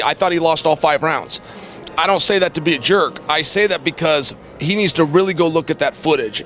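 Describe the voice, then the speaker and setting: A man with a somewhat high voice gives a frank fight prediction. He talks earnestly and restarts his sentences now and then. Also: a bit bright. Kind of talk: casual prediction to camera.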